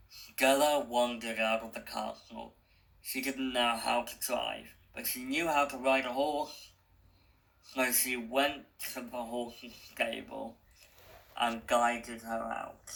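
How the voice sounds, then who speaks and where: A man reading a story aloud as narrator, slow and deliberate, with small restarts. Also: medium pitch, little pitch movement, gravelly, fairly bright tone, low-quality recording.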